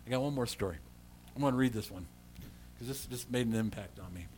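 A man preaching a sermon as a pastor. He swings from quiet storytelling to loud emphasis and often repeats words when he restarts. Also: medium pitch, fast talker, a little hiss or hum.

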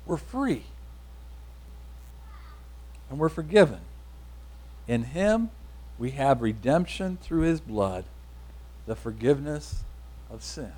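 A man's voice: medium pitch, sing-song, slow, pauses often, darkish tone, breathy edge. A man preaching a sermon, building emphatic repeated declarations and leading the congregation to say lines back. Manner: emphatic repetitive declarations, leads congregation call-and-response.

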